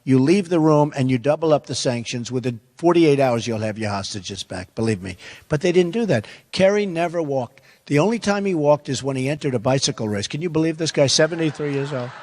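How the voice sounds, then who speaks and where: Older man from the States, slightly high voice, emphatic, repetitive, rambling town-hall answer with long hall echo. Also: lively intonation, fairly quick, darkish tone. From United States. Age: 70s. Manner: emphatic, repetitive, addresses crowd as folks. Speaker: presidential candidate answering audience question. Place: large indoor event hall. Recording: long reverb of a large hall.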